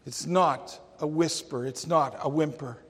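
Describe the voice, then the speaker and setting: A man preaching a sermon, slow and emphatic, with dramatic quotations. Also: on the high side, fairly bright tone, husky. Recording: long hall reverb.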